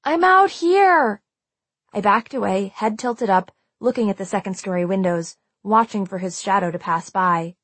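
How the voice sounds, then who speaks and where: A woman's voice: medium pitch, steady tone, normal speed, few pauses, breathy edge, no room sound. A woman reading a first-person audiobook aloud, telling a tense and suspenseful story. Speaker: audiobook narrator.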